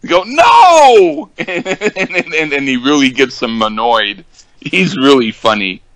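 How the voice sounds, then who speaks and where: An older man chats slowly and haltingly, stopping often on ums and starting his sentences over. His voice is dry and close, with almost no room sound around it. He speaks at an unhurried, plodding pace throughout. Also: medium pitch, pushed and bright, dry recording, poor audio. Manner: halting, many ums and restarts. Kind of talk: casual chat.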